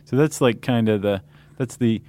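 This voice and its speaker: A man's voice: medium pitch, normal speed, warm tone. A man co-hosting a podcast in casual chat, joking and rambling with lots of fillers and restarts. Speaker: podcast co-host.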